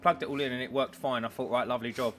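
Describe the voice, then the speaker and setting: A man with an English accent co-hosting a podcast in casual chat, telling a story with animated energy and acting out the voices he quotes. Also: mid-range voice, rapid-fire, a little hiss or hum. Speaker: podcast co-host.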